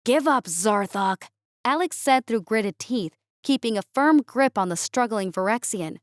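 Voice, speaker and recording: A woman narrating a sci-fi story in an even, steady storytelling voice. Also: fairly high pitch, moderate pace, dry recording, clean studio sound.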